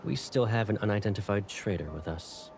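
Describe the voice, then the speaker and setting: A man voicing a cool, commanding young colonel in a game, giving calm, clipped orders. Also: fairly low pitch, fairly quick, over music, lightly acted. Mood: cold. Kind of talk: game voice acting.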